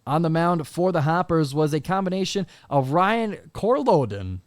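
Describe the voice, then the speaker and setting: A young man hosts a solo sports podcast into a close mic. His voice sits high, and the room sounds dead dry. He moves from game recaps into an animated, exasperated rant full of quick asides. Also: no echo. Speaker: podcast host.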